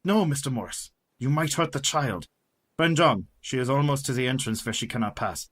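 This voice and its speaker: Rich: A man plays a grave, formal professor who leads a band of vampire hunters in a radio play. His husky voice rises and falls with a lively pitch as he gives orders. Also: moderate pace. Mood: commanding. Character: older male vampire-hunting professor, grave and commanding. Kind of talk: community radio play acting.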